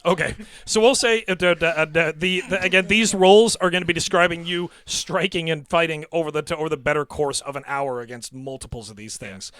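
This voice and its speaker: A man's voice: fairly high pitch, brisk, fairly bright tone, smooth, dry recording. A man narrating as game master of a tabletop role-playing game, talking with many restarts and small laughs. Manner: stumbling restarts, chuckling.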